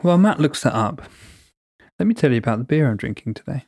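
A man's voice: mid-range voice, sing-song, fast, darkish tone, no echo, clean studio sound. A man, co-hosting a podcast in casual, jokey banter. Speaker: podcast co-host. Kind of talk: casual chat.

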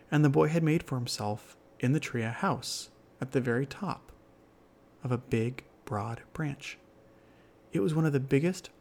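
A man narrating a children's fantasy story in a gentle, measured storybook delivery. His voice has a gravelly, creaky rasp, and his pitch sits in an ordinary middle register. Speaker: storyteller host.

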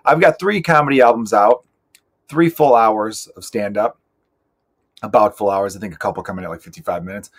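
A man's voice: fairly low pitch, brisk. A man in his thirties, a stand-up comedian hosting his own podcast, rambling in a profane, self-mocking, joking way. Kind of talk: casual solo podcast monologue.

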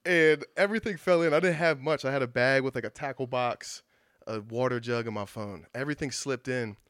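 A man's voice: medium pitch, fairly quick, a bit bright, no room sound, studio quality. A young man in casual podcast chat, telling stories in a laid-back way with lots of fillers and the odd swear word. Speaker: podcast guest.

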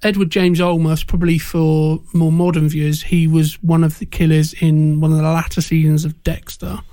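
A man's voice: fairly high pitch, flat delivery, moderate pace, dark tone, no echo, studio quality. A man co-hosting a casual film-discussion podcast, talking with frequent fillers and restarts. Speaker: podcast co-host.

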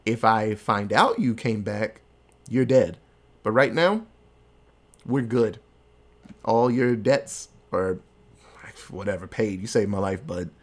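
A man's voice: fairly low pitch, animated, slow, long pauses, pitched below the performer's own voice. A man doing a blunt crime boss. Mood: stern. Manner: blunt, matter-of-fact.

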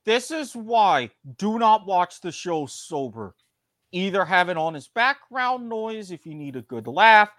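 A man's voice: high-pitched, big pitch swings, a little slow, a bit bright, no echo, clean studio sound. A man co-hosting a podcast in casual chat, laid-back and teasing. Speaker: podcast co-host.

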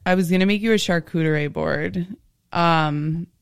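A woman's voice: on the low side, creaky, clean tone, no room sound, studio quality. A woman hosting a podcast, teasing her guest in a casual chat. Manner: teasing, quick interjections. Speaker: podcast host.

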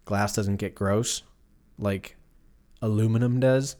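Lowish and a little mellow, this man's voice moves slowly with fairly even intonation. He's a podcast host in his thirties, rambling on his own over a beer with casual, profane, jokey stories.

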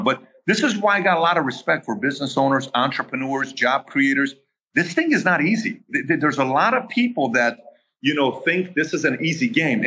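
A man telling his own story in a podcast interview, animated, acting out the quoted dialogue. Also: mid-range voice, husky. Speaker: podcast guest. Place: home area in Southern California.

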